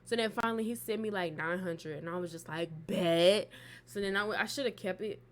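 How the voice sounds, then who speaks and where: A woman's voice: medium pitch, fast talker, slight background noise. A woman casually telling a personal story on her vlog, loose and profane, with plenty of fillers. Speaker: storytime vlogger.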